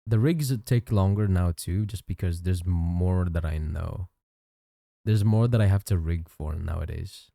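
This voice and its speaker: A man's voice: sits low, a little slow, gravelly, dry recording, clean studio sound. A man streaming while he draws, chatting casually with his chat and thanking viewers. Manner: chatty, thanks chat, lively ups and downs. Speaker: livestreamer and digital artist.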